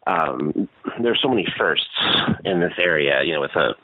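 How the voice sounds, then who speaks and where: This is a man with a very low voice, heard as a guest over a thin, phone-like remote line. The sound is dry and close. He answers thoughtfully and fills his pauses with "um" and "uh". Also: expressive, dry recording. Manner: thoughtful, halting with many "um" and "uh". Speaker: guest, creator of a paranormal TV show. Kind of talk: interview answers.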